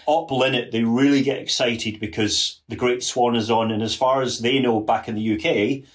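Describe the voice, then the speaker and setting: A man's voice: medium pitch, steady tone, normal speed. A man guesting on a history podcast, earnest and detailed, often restarting his sentences as he explains. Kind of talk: casual history podcast chat.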